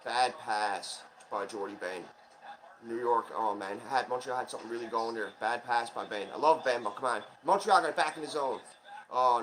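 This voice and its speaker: A man hosting a casual live watch-along of a hockey game, calling the plays in quick excited bursts and chatting like a rooting fan. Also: medium pitch, rough recording. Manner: chatty asides, admits small slips. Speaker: channel host, fan commentator.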